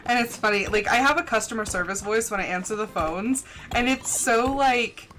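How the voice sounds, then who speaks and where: A young woman streaming a farming game, chatting fast and casually with a slight lisp and lots of "like". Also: medium pitch, a bit bright. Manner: chatty, fast, says "like" a lot. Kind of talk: casual chat while gaming. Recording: faint music underneath.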